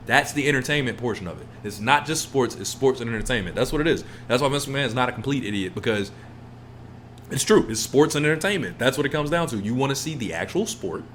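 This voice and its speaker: A young man co-hosting a podcast, ranting in a heated, profane, casual way and mimicking other people in low mumbled asides. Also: expressive, fast, a bit bright, a little hiss or hum. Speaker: podcast co-host.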